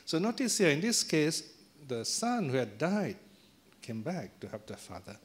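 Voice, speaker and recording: A man's voice: fairly high pitch, sing-song, measured pace. A man giving a dharma talk as a Buddhist teacher, telling a story in a chatty way with chuckles and tag questions to the audience.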